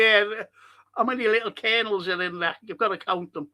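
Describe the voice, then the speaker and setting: An older man with a Scouse accent hosting a live-stream podcast, passionately ranting and reading out chat messages. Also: brisk. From Liverpool, England. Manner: passionate, ranting, swinging between loud outbursts and low muttering.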